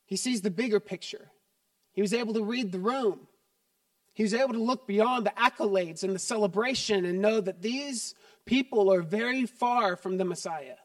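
A middle-aged man preaching a sermon as pastor, conversational and joking, turning quiet and earnest. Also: high voice, dry recording, distant mic.

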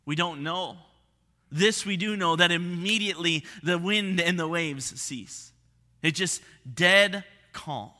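A man preaching with a high, very bright voice that rings out in a hall with a long reverb tail. He moves from lively, emphatic lines down to hushed, low passages as he presses his point. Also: slow pace. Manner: expressive preaching, drops to hushed tones for emphasis. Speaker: pastor. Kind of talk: sermon.

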